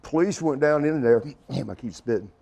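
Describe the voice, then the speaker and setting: A man's voice: mid-range voice, animated, brisk, vocal fry, mellow. A middle-aged man as an interview guest, telling a rambling anecdote in a casual way, often chuckling and acting out other people's lines.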